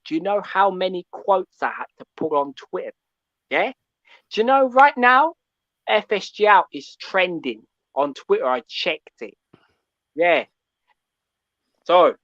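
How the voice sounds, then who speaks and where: A man's voice: high voice, fairly bright tone, no room sound. Man, caller, ranting, repeats "yeah?", lo-fi call audio, dry. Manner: ranting, keeps tagging "yeah?". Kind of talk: call-in fan rant.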